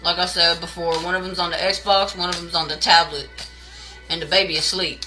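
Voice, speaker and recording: Speaking briskly in a flat, lowish voice, this woman rants and swears her way through a late-night tarot reading streamed live from her house. Music plays behind her, the sound quality is poor, and she addresses viewers as baby and y'all while saying hello to chatters by name.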